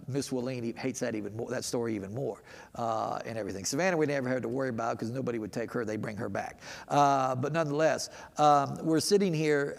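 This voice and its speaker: A man's voice: medium pitch, vocal fry, a little mellow. A middle-aged man teaching a midweek Bible lesson in a church, folksy and rambling, with many restarts and fillers. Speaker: pastor. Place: church sanctuary. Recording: long hall reverb.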